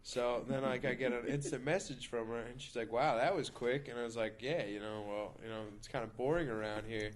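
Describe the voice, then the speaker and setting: A man's voice: medium pitch, a little fast, few pauses. Rambling young man telling a crude story. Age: 20s. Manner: rambling, crude, lots of fillers and repeats. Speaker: podcast storyteller. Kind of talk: casual chat, telling a story.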